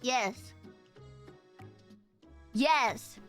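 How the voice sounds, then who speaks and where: A young woman with a Romanian accent chats loosely with her viewers, joking and full of slang. Her voice sits high and sounds bright and sharp. Faint music plays underneath. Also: extremely slow. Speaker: streamer. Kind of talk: casual chat with viewers.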